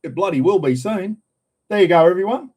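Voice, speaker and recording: A middle-aged Australian man talks casually to his livestream audience in a fairly high voice. He rambles from one story to the next, full of slang, and keeps addressing his viewers as everyone. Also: lively intonation, brisk, darkish tone, breathy edge. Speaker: livestream host.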